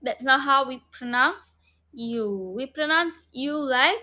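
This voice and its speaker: Casting: female phonics teacher, online class, high bright voice, very slow, repetitive prompting. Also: lively intonation. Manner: slow, repeats sounds and prompts students. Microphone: online class, video call.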